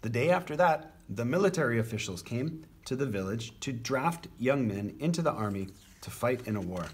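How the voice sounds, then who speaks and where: A man reading a children's picture book aloud as a teacher, with expressive, animated storytelling. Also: medium pitch, moderate pace, husky.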